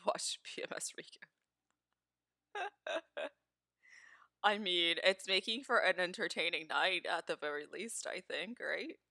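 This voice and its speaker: A woman's voice: on the low side, lively intonation, slow, long pauses, bright, forceful tone, dry recording, clean studio sound. A woman live streamer chatting casually with her viewers, laughing often and swearing freely.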